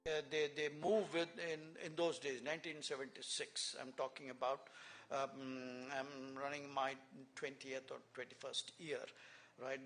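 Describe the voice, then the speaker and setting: A man's voice: fairly high pitch, a bit bright, a little hiss or hum. A man in his seventies with an Indian English accent, a former cricketer telling rambling anecdotes full of fillers and restarts at a symposium. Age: 70s. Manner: rambling storyteller with many fillers and restarts, chuckling. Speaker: guest speaker, former cricketer. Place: conference hall, live event.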